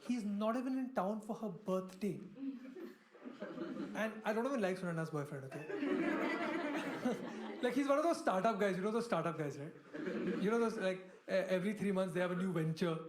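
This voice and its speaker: A man's voice: sits high, animated, fast, reverberant. A man doing a stand-up comedy set, chatty and self-mocking, often turning to ask the crowd.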